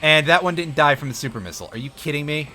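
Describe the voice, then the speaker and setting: A man's voice: a little high, lively intonation, quick pace, sharp tone. A man streaming a video game live, giving wry, self-mocking commentary and talking to his chat as he plays. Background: faint game music.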